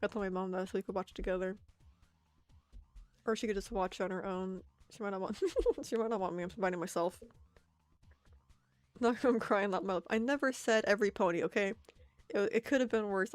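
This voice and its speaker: A young woman rambles casually while she draws, laughing at herself and answering chat. Her voice sits in a middle range, close to the mic in a dry space. Soft music plays faintly underneath. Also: medium pitch, steady tone, a little fast, pauses often, no room sound. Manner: giggly, self-mocking, reads chat aloud. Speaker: art streamer. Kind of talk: casual stream chatter while drawing.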